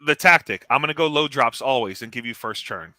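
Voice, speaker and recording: A man talking tabletop strategy as a guest, animated and blunt, laughing often. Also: medium pitch, a little fast, dry recording. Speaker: guest tournament player. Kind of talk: casual gaming strategy chat.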